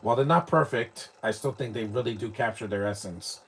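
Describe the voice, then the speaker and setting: A man's voice: medium pitch, brisk, slight background noise. A man from New York, giving rambling, opinionated live commentary while watching a movie, often restarting his sentences. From New York, United States.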